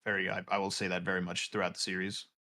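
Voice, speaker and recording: A male player answers interview questions in rapid, rambling bursts. His voice is bright and forceful, and he leans on fillers as he talks. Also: sits low, completely flat delivery. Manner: rambling, lots of "you know". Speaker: esports player guest.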